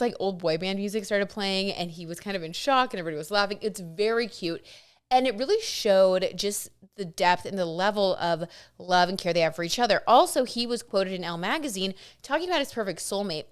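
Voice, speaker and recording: Chatty excitable woman gossiping to camera. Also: medium pitch, fairly quick, smooth. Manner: excitable, chatty, full of "like" and asides. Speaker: tarot reader and vlogger. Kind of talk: casual gossip chat to camera.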